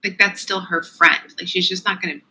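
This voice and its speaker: Bright, low-pitched woman podcast co-host. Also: steady tone, a little fast, poor audio. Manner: rambling, lots of "like" and "um". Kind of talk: casual chat.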